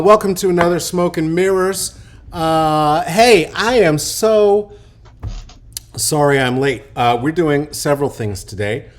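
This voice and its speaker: A man in his late forties hosting a podcast unscripted, joking and rambling with many ums and restarts. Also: fairly high pitch. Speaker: podcast host. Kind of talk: casual unscripted podcast talk.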